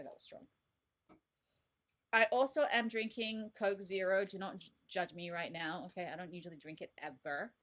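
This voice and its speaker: A woman in her thirties with a lowish, slightly bright voice hosts a relaxed live stream from her home desk as an oracle card reader, chatty and bubbly, greeting viewers by name.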